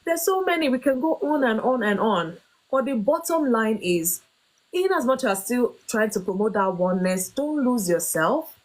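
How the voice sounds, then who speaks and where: A woman's voice: on the high side, very animated, moderate pace, rough recording. A woman hosting a faith-based talk on marriage, speaking earnestly with emphatic, preaching emphasis. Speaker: host.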